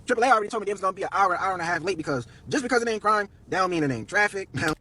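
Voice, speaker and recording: Young male storyteller with a high, husky voice. He races through a personal story-time tale in loose, slang-heavy talk. The delivery is animated and the pace is very fast.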